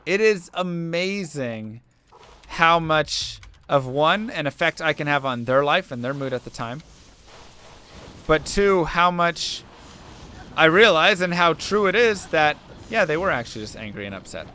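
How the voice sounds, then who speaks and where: A man's voice: fairly high pitch, animated, a little slow, bright, forceful tone, clear, resonant tone. A young man streaming a game, chatting casually and telling an earnest story while making asides about the play. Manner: earnest storytelling, musing aloud between game remarks. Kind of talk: casual chat while playing.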